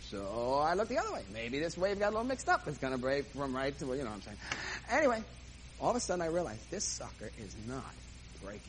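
A man's voice: a little high, wildly swooping pitch, quick pace, slight background noise, low-quality recording. A man comedian telling a self-mocking story on stage and acting out the dialogue. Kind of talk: stand-up storytelling.

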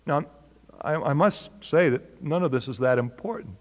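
A man's voice: a little high, lively intonation, normal speed, long reverb tail. A man teaching a Bible study in a conversational way, asking his listeners questions. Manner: conversational, asks the audience questions. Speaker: preacher.

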